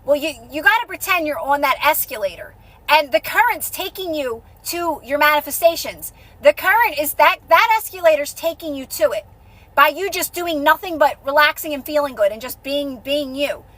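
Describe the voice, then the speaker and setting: High-pitched woman rambling on a phone live, lots of restarts, chatty coaching vibe. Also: lively intonation, normal speed, fairly bright tone, rough recording. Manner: rambling, restarts often, colloquial. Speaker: manifestation coach, live streamer. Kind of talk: casual live-stream talk.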